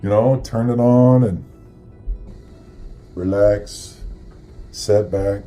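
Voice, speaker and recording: A man's voice: lowish voice, steady tone, drawn-out words, long pauses, music in the background. A middle-aged man from the area, hosting a casual holiday monologue in a rambling, earnest, profane way. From Chicago area. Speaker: host.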